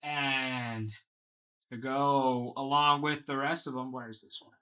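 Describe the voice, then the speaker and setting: A man's voice: mid-range voice, flat delivery, takes it slowly, pushed and bright. A man hosting a live card box break, talking to viewers by name and gushing over each card.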